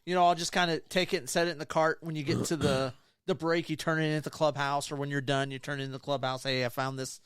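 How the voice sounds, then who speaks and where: Smooth-voiced man chiming in. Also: fairly high pitch, steady tone, quick pace, hardly any pauses, fairly bright tone, dry recording. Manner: easygoing, chimes in with short replies. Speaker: podcast co-host. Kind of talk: casual chat.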